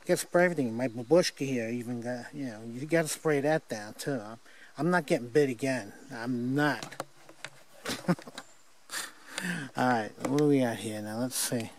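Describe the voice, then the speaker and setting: An older man films himself on a forest trail with a handheld camera mic, rambling and chuckling at himself in a casual hiking vlog. His medium-pitched voice moves at normal speed, and he pauses often.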